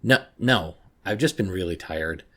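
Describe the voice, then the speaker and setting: A man's voice: sits low, expressive, measured pace, bright, forceful tone, exaggerated voice. A man voicing an anxious, sleep-deprived teenage girl who insists she is fine, in a horror story reading. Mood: insistent.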